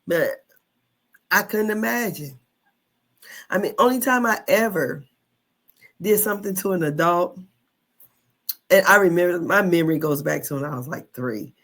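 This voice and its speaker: A woman in her fifties telling a childhood story in a casual monologue, animated, with slang, cursing and frequent laughter. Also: fairly low pitch, moderate pace, pauses often. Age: 50s. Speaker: online commentator.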